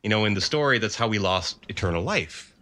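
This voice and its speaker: A man from Canada, telling a comic personal story on stage with dramatic swings from hushed to emphatic. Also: fairly low pitch, lively intonation, brisk.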